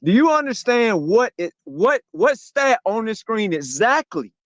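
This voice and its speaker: A high-pitched man hosts a podcast in a heated, profane, mocking rant. His voice is dry and close, with a dull, lo-fi sound. He talks in bursts and repeats himself. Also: sing-song, measured pace, dry recording. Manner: loud, profane, mocking, repetitive. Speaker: podcast host. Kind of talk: heated podcast sports talk.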